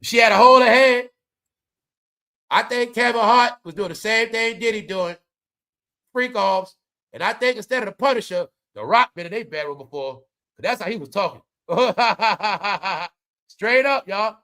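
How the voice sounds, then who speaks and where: A man giving animated, slangy casual commentary, often turning to his viewers. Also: high voice, normal speed. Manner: animated, slangy, keeps addressing the audience. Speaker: commentary vlogger.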